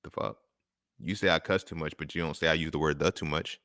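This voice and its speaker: A man's voice: rumbling low, steady tone, quick pace, a bit bright, no room sound, clean studio sound. A man hosting his own talk show, delivering a casual, profane monologue full of slang and laughter. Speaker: podcast host.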